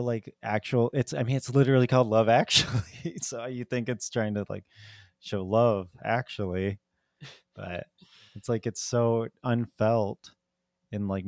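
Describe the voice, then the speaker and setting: In studio quality with no room sound, a man with a mid-range, slightly mellow voice co-hosts a podcast. He chats casually and ramblingly about a movie, peppering it with "like" and laughing often.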